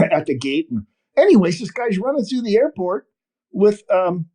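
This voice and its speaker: An older man from northern Wisconsin telling a long story in an interview, animated and full of restarts. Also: high voice, normal speed. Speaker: podcast guest, fishing TV host. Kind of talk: storytelling interview over a call.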